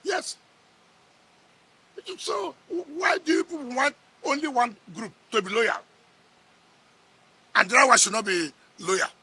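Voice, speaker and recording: A man's voice: very high voice, a little slow, long pauses, bright, forceful tone, slightly rough. A middle-aged man with a Nigerian accent, a politician sparring in a heated press interview, combative and scoffing, repeating his words.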